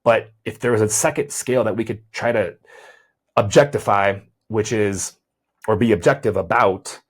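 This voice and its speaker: A chiropractor and weight loss coach explains his approach on his health podcast in a husky, slightly breathy voice that's fairly low and steady, at normal speed. As he thinks aloud, he repeats words to restart and frequently tacks on "right?".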